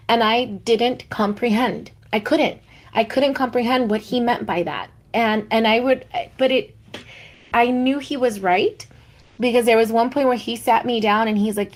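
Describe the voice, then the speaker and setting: A woman co-hosting a podcast, sharing personal stories in a warm, reflective way. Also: a little high, moderate pace. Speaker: podcast co-host. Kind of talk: heartfelt podcast conversation.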